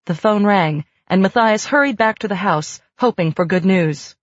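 A woman narrating a novel in an audiobook, in a measured, even storytelling manner. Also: mid-range voice, no echo. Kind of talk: scripted narration. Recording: dry, slightly muffled lo-fi recording.

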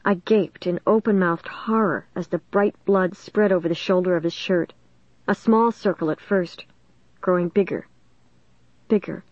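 A woman's voice: lowish voice, fairly even intonation, a little slow, darkish tone, dry recording. A woman narrating a storybook in a tense, dramatic reading. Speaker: audiobook reader. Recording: dull dry recording.

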